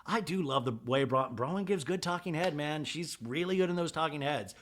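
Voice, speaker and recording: A man's voice: a little high, fairly quick, fairly bright tone. A man hosting a podcast, telling a comedic reality-TV recap in a gossipy, playful way. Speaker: podcast host.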